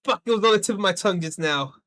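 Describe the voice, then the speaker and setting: A man's voice: sits high, lively intonation, rapid-fire, sharp tone. A man streaming a game and chatting casually, venting in a rambling, profane way. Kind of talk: casual livestream chat while gaming.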